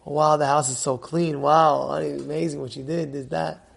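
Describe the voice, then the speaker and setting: A man's voice: fairly high pitch, level tone, moderate pace, vocal fry, voice pushed down. A man acting out a remorseful husband who showers his wife with compliments. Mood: tender. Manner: gushing with compliments. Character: remorseful husband making amends.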